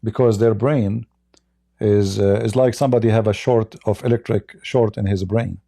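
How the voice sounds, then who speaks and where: Gravelly-voiced man mocking on a livestream. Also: lowish voice, steady tone, normal speed, dark tone, no room sound, clean studio sound. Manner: blunt, mocking, repetitive restarts. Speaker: livestream host. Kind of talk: livestream monologue.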